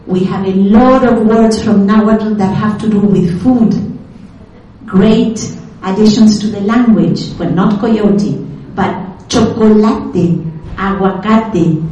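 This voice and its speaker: A woman lectures slowly and carefully, pausing on each example word. Her voice is mellow and unhurried. She sounds distant from the mic in a strongly echoing room. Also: medium pitch. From Argentina. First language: Spanish. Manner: slow, deliberate, spells out words carefully. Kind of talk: lecture on language history. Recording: echoey room, speaker far from mic.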